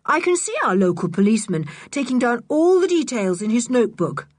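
A woman reading an audiobook, voicing a calm, dryly sarcastic eldest boy who takes charge. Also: on the high side, a little fast, no room sound, studio quality, voice pushed up. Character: cool-headed eldest boy, calm and mocking.

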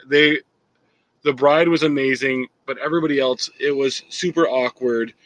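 A man's voice: medium pitch, fairly even intonation, moderate pace, a bit bright, a little hiss or hum. A man co-hosting a casual livecast in a laid-back, wry way, moving the show along to the next question. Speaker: livecast co-host who runs the questions. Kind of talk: casual chat.

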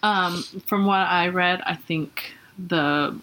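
A woman's voice: fairly low pitch, slow, sharp tone, a little hiss or hum. A woman co-hosting a true crime podcast, chatting casually with swearing and lots of filler words. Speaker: podcast co-host.

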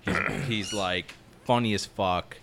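A man's voice: sits low, slow, gravelly, heavy background noise. A man who works as a construction foreman, telling rambling, profane stories in casual chat. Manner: profane, rambling, animated storyteller.

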